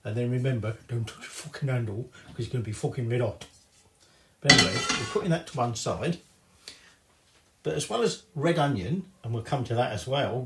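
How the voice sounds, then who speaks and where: A man's voice: mid-range voice, fairly bright tone, roomy sound, a little hiss or hum. A man giving a casual cooking demonstration in his home kitchen, chatty and rambling, with cheeky swearing. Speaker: home cook.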